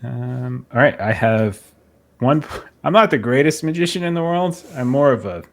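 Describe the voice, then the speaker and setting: A man's voice: mid-range voice, lively intonation, normal speed, gravelly. A man playing a tabletop game, chatting casually with many fillers and self-deprecating asides. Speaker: player. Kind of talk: casual play chat.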